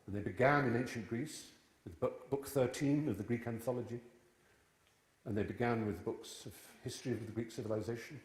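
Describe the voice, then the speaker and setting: Talking fairly quickly in a mid-range voice, a man in his fifties tells witty stories full of digressions to a live audience. He's a guest speaker in a large church hall, and the sound is echoey.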